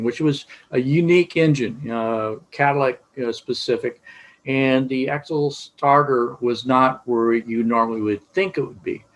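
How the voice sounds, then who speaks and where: A man's voice: mid-range voice, rough recording. A middle-aged man teaching auto repair in a casual, rambling way, with many fillers and restarts. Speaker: automotive instructor.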